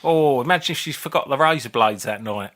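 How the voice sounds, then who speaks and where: Bloke in his 50s, rambling sweary stories, bright sharp voice. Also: medium pitch, animated, fairly quick. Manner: rambling storyteller, swears freely. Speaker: podcast co-host. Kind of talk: casual chat.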